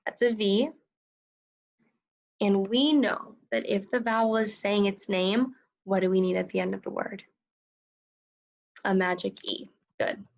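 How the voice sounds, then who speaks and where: A woman's voice: mid-range voice, steady tone, unhurried, creaky, long pauses, lo-fi sound. A woman teaching a phonics lesson to second graders, patiently sounding out words and asking for each letter.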